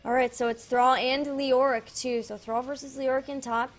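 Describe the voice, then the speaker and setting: High-voiced woman casting esports. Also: level tone. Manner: brisk, upbeat play-by-play. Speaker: esports caster. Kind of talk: esports play-by-play commentary. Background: faint game music.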